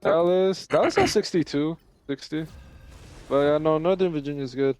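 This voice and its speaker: A man chatting with a friend while gaming on a stream, slangy and animated in quick bursts. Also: on the high side, clear, resonant tone, dry recording, faint music behind. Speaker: gamer on stream. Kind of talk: casual chat while gaming.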